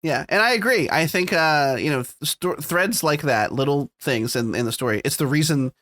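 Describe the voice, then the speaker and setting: A man's voice: fairly high pitch, animated, normal speed, a bit bright, dry recording. A man co-hosting a podcast, chatting casually and animatedly retelling scenes with plenty of swearing. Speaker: podcast co-host. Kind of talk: casual chat.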